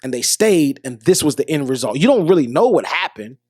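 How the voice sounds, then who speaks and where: A man's voice: on the high side, sing-song, brisk, darkish tone, slightly rough, no room sound, clean studio sound. A middle-aged man hosting a podcast, giving earnest motivational advice straight to listeners, often restarting his sentences. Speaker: podcast host. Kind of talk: motivational monologue.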